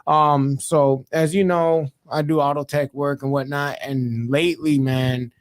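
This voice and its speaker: A man's voice: on the high side, fairly even intonation, measured pace. Laid-back slangy man hosting. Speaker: podcast host. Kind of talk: casual chat. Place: studio podcast set.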